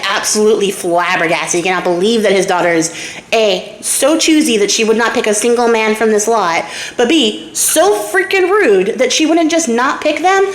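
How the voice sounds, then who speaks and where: A young woman casually retelling a fairy tale at home, irreverent and chatty, swearing and acting out the characters' lines. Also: fairly high pitch. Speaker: storyteller and craft channel host. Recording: echoey room.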